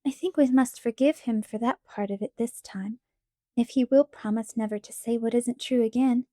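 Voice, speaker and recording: A woman's voice: a little high, moderate pace, mellow, dry recording, studio quality, natural voice. Woman voicing a sorrowful young schoolteacher. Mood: gentle. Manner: sorrowful, earnest.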